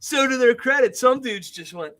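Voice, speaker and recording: A man co-hosting a podcast, telling stories in casual chat, animated and profane, acting out others in a shouting voice. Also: very high-pitched, normal speed. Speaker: podcast co-host.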